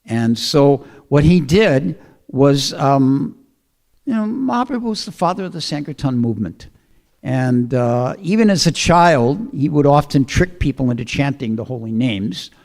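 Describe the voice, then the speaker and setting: A man giving a storytelling sermon in a relaxed, conversational way, with fillers and throat clearing. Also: mid-range voice, a little slow. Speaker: speaker giving a scripture talk.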